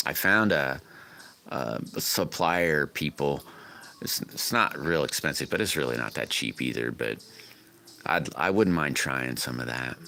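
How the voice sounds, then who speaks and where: A man's voice: very deep voice, vocal fry, bright, forceful tone, slight background noise. A man hosting a casual livestream, chatting with viewers in a folksy, rambling way from his home workshop. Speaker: livestream host. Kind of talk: casual live-stream chat, answering comments.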